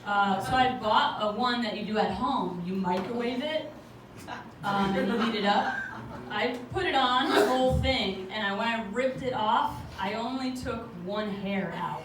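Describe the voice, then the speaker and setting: A woman's voice: fairly high pitch, unhurried, distant mic. A woman doing a chatty stand-up comedy set on a club stage, laughing through her jokes. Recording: very echoey club, noisy audience ambience.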